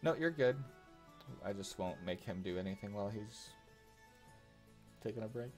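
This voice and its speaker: A man narrating as game master of a tabletop game, halting with frequent filler sounds. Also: fairly low pitch, animated, soft background music.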